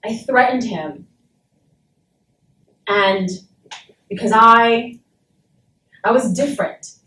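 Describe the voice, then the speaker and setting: A woman's voice: fairly high pitch, slow, pushed and bright. Blunt woman telling her story in a roomy classroom. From Saint Thomas, US Virgin Islands. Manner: blunt and emphatic, swears freely. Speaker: guest speaker. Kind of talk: personal story told to a class. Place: university classroom. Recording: roomy and distant, faint background noise.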